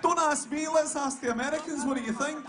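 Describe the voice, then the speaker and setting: A man hosting a live event, talking lively and hyping up the crowd. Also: very high-pitched, fairly quick. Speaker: event host.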